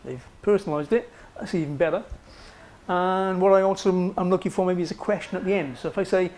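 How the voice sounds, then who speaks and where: A man's voice: high voice, fast talker, a little mellow. A man giving a university psychology lecture in a conversational way, often checking in with "okay" and fillers. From Wales. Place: lecture room.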